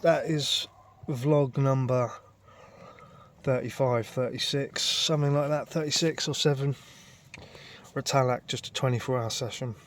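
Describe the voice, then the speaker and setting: A man's voice: medium pitch, steady tone, a little slow, a little hiss or hum. Swearing man vlogging outdoors. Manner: swearing, rambling, exasperated storytelling. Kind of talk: casual outdoor vlog. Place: outdoors at a lake.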